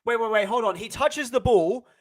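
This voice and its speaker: A young man streaming a live football watch-along, excitable, often stammering and repeating himself. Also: very high-pitched, moderate pace. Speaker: football fan livestreamer.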